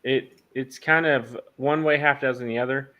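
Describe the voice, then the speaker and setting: A man chatting casually on his own livestream, pitched right in the middle for a man. He talks haltingly, trips over his words, and fills the gaps with uh and um. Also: steady tone, bright, forceful tone, lo-fi sound. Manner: halting, restarts with many fillers. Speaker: host of a farm livestream. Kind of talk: casual chat.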